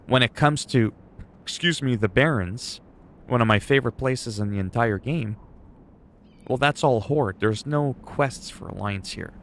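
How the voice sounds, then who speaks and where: His voice medium-pitched and gravelly, a man talks a little slowly while livestreaming a game. He chats with viewers in a casual, enthusiastic way, rambling somewhat and cursing here and there.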